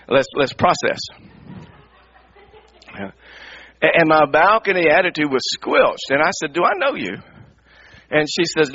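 Middle-aged male pastor, high bright husky voice, animated sermon storytelling, lo-fi radio sound. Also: unhurried, pauses often. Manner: animated, repeats words, acts out his own anger. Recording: dull lo-fi radio broadcast.

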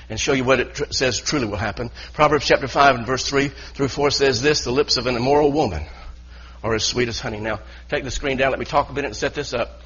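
Husky preacher guy, earnest sermon, lots of restarts, dull lo-fi sound. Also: medium pitch, a bit bright. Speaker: pastor.

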